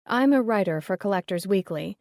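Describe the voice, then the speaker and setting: A woman's voice: mid-range voice, expressive, brisk, a little mellow, no echo, clean studio sound, natural voice. Woman voicing a curious young writer.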